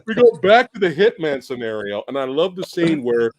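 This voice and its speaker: A man hosting a casual live movie review chat, animated and swearing, acting out scenes with loud quoted lines. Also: on the high side, a little fast, a little hiss or hum. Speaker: podcast host.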